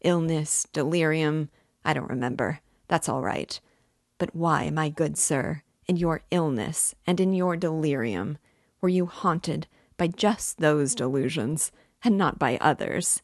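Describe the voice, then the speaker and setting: A crafty, ironical male examining lawyer toys with his suspect in mock-friendly questions, as a woman reads him aloud. The voice sits low and moves slowly. It is recorded dry and close. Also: no room sound. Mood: sly. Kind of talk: audiobook reading.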